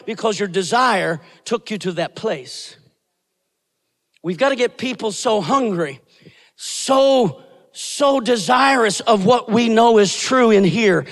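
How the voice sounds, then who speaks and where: Guest preacher guy, really high voice, super animated, shouting then dropping low, big echoey church. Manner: preaching, swinging between shouted peaks and low asides. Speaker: guest pastor. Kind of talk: sermon.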